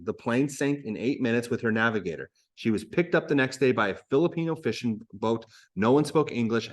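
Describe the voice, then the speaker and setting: A man's voice: medium pitch, lightly acted. A man reading as a matter-of-fact local woman. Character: confident local woman telling a wild tale.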